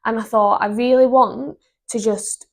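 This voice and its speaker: A young woman, co-hosting a podcast and telling a story in an animated, indignant way. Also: fairly high pitch, measured pace. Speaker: podcast co-host. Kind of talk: casual chat.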